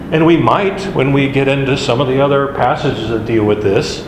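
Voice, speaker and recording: A man teaching a Bible study class in a slow, conversational, self-deprecating way. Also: mid-range voice. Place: classroom or church meeting room. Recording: echoey room recording, faint hiss.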